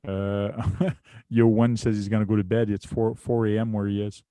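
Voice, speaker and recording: A man's voice: fairly low pitch, flat delivery, moderate pace, dark tone, clear, resonant tone, no echo. A man from Canada with a Canadian French accent, hosting a casual chat and rambling through stories with many restarts. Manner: rambling, chatty storyteller with restarts. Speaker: host.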